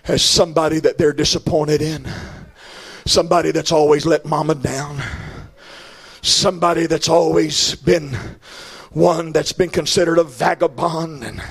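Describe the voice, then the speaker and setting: A man preaching, voicing a weary, fearful crucified thief who confesses haltingly and stammers. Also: a little high, gravelly, husky.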